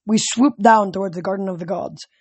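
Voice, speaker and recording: A man reading a novel aloud as a fan audiobook, steady with occasional slips and restarts. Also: sits high, a little fast, slightly rough, dry recording. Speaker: audiobook reader.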